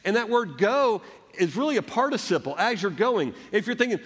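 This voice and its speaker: Earnest pastor preaching in a reverberant hall. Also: male voice, high-pitched, very animated, a little fast. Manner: earnest preaching, acts out voices of doubters and of Jesus. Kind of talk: sermon. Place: church sanctuary.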